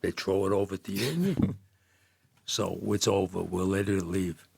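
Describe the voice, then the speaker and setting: Gravelly older man spinning old stories. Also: deep voice, lively intonation, a little slow, a little mellow, dry recording, clean studio sound. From Jersey City. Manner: rambling, laughing storyteller with many restarts. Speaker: podcast guest. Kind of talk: storytelling in casual chat.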